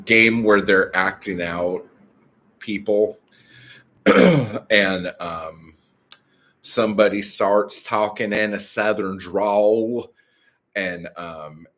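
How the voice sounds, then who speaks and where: A man's voice: lowish voice, extremely slow, pauses often, fairly bright tone. A man hosting a live stream, rambling casually and profanely with many fillers.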